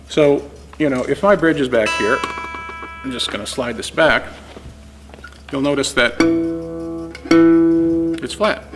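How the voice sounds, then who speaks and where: A man teaching guitar setup in a casual, step-by-step way while demonstrating on an instrument. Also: medium pitch. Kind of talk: informal technical explanation.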